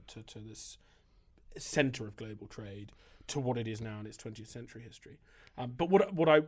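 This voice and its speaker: A man who is a priest and writer, answering interview questions in a thoughtful, discursive way, with frequent hesitations and restarts. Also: mid-range voice. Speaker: priest and writer, podcast guest.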